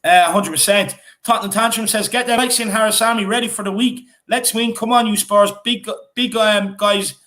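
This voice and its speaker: A man's voice: sits high, fairly even intonation, brisk, few pauses, sharp tone. An Irish man co-hosting a fan channel stream, reading out viewer comments in a chatty way, with lots of fillers and repeats. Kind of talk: casual live-stream chat reading comments.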